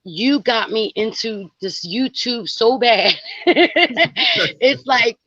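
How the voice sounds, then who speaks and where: Hoarse New Jersey woman, bright voice. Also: fairly high pitch, expressive, drawn-out words, no room sound, muffled recording. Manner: effusive, rambling fan talk. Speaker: caller. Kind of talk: casual chat.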